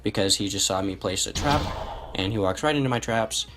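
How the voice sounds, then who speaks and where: A man's voice: on the low side, fairly quick. A young man casually commentating a replay of his own match, thinking aloud and correcting himself as he goes. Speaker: gameplay commentator. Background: music.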